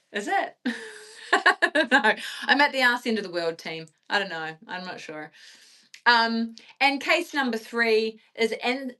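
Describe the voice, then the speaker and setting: A woman's voice: fairly high pitch, bright, forceful tone. A woman co-hosting a casual livestream, chatting loosely with lots of ums and uhs. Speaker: podcast co-host.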